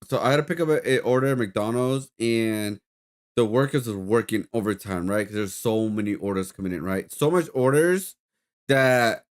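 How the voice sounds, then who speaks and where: A man's voice: lowish voice, moderate pace. A man streaming, telling a rambling story in casual chat with lots of fillers and swearing.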